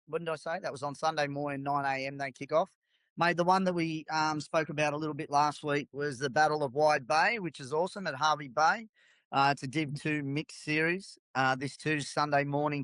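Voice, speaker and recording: A relaxed, middle-aged Australian man co-hosting a sports podcast, his voice sitting a bit high. He chats loosely and laughs a lot, and the sound is close and dry with no room around it. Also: no room sound. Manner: laid-back, laughs often, says mate a lot. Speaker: podcast co-host. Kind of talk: casual chat.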